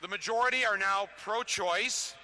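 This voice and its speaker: A man's voice: high voice, moderate pace, bright, forceful tone, a little hiss or hum. A man giving a live talk to an audience through a stage microphone, chatty and joking, with many restarts and small chuckles between points. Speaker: touring speaker addressing a live audience. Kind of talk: live political talk with comic asides. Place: public lecture venue before an audience. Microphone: amplified stage microphone.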